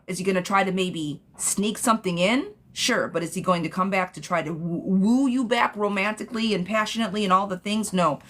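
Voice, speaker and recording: Sassy blunt woman reading tarot live. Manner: blunt, sassy, addresses viewers as girlfriend; bursts into high excited gushing. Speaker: tarot reader hosting a live stream.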